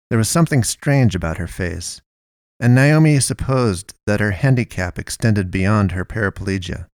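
Low-voiced man narrating a dark story. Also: no echo, studio quality. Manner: steady, measured storytelling with voiced dialogue. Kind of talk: audiobook-style story narration.

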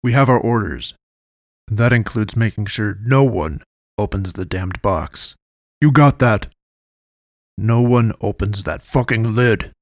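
A man's voice: fairly low pitch, unhurried, dry recording, studio quality. A man voicing a stern ranking mercenary who growls curt threats.

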